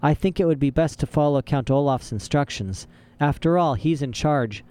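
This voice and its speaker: A man doing a gushing, excitable lady judge. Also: a little high, normal speed, pitched above the performer's own voice, close to an everyday voice. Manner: gushing and eager. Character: fussy, excitable older woman judge.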